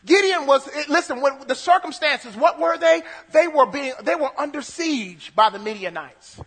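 High, bright-voiced preacher in a reverberant hall. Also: male voice, lively intonation, moderate pace. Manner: reads scripture aloud, then preaches with repeated phrases and restarts. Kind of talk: sermon with scripture reading.

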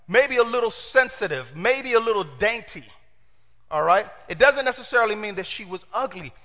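A man preaching a sermon in an animated way, asking his congregation questions and acting out the quotes. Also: extremely high pitch, in a large hall.

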